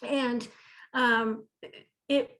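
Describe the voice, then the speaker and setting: A woman talking over a video call about her church's disability ministry. She tells it in a warm, rambling, enthusiastic flow, her voice pitched a touch high. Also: fairly even intonation, extremely slow, poor audio. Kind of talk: video call roundtable sharing.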